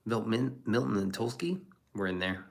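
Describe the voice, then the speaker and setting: A man's voice: on the low side, animated, moderate pace, vocal fry. A man streaming casually and reacting to chat, rambling and profane with chuckling asides.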